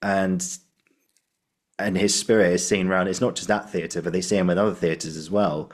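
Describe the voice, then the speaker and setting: A man's voice: low voice, level tone, normal speed. A man hosting a podcast, chatting casually and telling anecdotes with acted-out quotes. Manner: chatty storyteller, acts out quoted voices. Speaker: podcast host.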